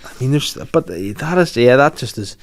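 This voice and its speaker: A man's voice: medium pitch, expressive, moderate pace. Man, casual podcast banter, rambling, sweary. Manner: sweary, rambling, acts out quoted voices. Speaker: podcast host. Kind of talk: casual comedic chat.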